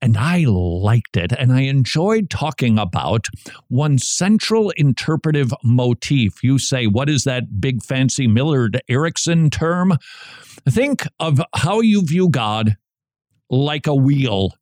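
A male talk radio host riffing through a monologue, his mid-range voice swinging up and down with lively inflection. He jokes along the way and acts out snippets of everyday chatter. The sound is close and dry, with no room echo. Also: medium pitch, takes it slowly. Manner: animated, jokey, acts out quoted chatter.

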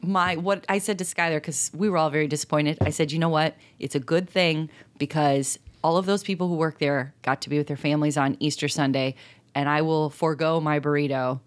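A middle-aged woman co-hosts a podcast, speaking with earnest reflection and laughing easily. Her voice is on the low side for a woman, and her talk stays loose and conversational. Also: steady tone, a little fast. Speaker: podcast co-host. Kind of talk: casual chat.

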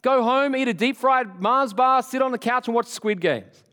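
A high-voiced man preaching in a big church, and his sermon rings out with a long hall echo. He talks to the congregation in a lively, joking way. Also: normal speed. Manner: animated, conversational, joking with the congregation. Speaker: pastor.

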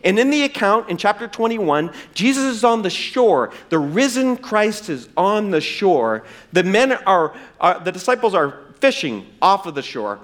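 Lively, animated man preaching a sermon. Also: high-pitched. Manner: dramatic swings from loud emphasis to hushed, drawn-out words; acts out quoted dialogue in raised voice. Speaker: pastor. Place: church.

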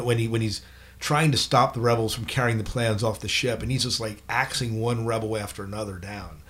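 A man hosting a casual movie review podcast, thinking through arguments aloud. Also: mid-range voice. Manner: thoughtful, weighs arguments aloud. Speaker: podcast host.

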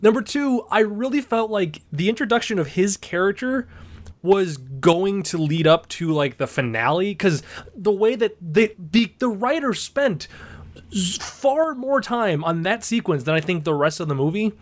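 Casting: a chatty male podcast co-host, rambling, slightly high voice. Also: expressive, moderate pace. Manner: rambling, laughs often, puts on silly accents. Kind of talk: casual movie review chat.

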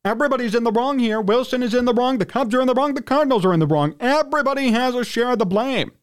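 A fired-up man with a Chicago accent hosting sports talk, his voice sitting fairly high for a man. He rants with indignation, his pitch leaping up whenever he gets worked up, and he keeps clearing his throat. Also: fast. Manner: indignant, ranting, pitch jumps when worked up. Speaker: sports talk radio host. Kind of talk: heated sports talk rant.

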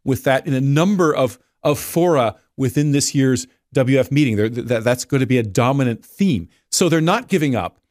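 A man's voice: medium pitch, animated, normal speed, hardly any pauses, a little mellow, no echo, studio quality. A man speaking as a guest editor in a casual discussion, digressive and often repeating words as he restarts.

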